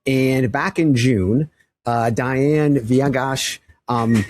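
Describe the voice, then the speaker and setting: A man's voice: medium pitch, very slow. Man telling a rambling, swearing story. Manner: animated storyteller, swears freely. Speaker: podcast co-host. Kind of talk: casual chat.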